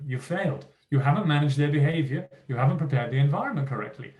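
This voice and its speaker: Delivering an inspirational keynote to an audience of teachers, this man talks fast in a slightly high voice, and the room sounds spacious. He's animated and forceful, voicing quoted teachers and kids as he goes.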